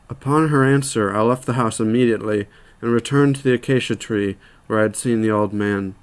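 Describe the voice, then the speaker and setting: A man narrating a short story aloud in a measured, plain storytelling manner. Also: lowish voice, clear, resonant tone.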